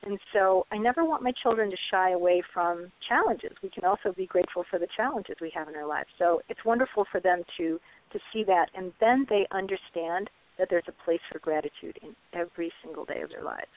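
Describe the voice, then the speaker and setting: A woman's voice: fairly low pitch, a little fast. Earnest woman on a tinny webinar line. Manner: earnest storytelling, acts out her children's voices. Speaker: parenting author and guest. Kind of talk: webinar interview. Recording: tinny phone-like webinar audio.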